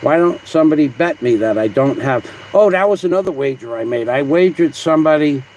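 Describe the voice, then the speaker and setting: A man's voice: on the high side, lively intonation, a little fast, darkish tone, a little hiss or hum, poor audio. A man hosting a casual livestream, rambling and combative as he reads viewer comments aloud. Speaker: livestream host.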